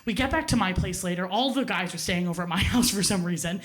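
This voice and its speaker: A woman telling a funny personal story live to a theater audience, animated, swearing freely and laughing at herself. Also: fairly low pitch, fast talker. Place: theater stage.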